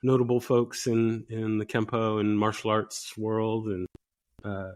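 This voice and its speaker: Slow, flat-voiced male interviewer. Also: on the low side. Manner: measured, halting questions with uh pauses. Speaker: interviewer, host. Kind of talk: casual interview.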